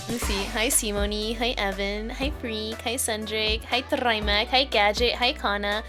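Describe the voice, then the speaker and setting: A woman's voice: a little high, steady tone, measured pace, few pauses, over music. A young woman in her twenties streaming live and chatting casually with her viewers, playful, goofy and giggly, swearing freely. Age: 20s.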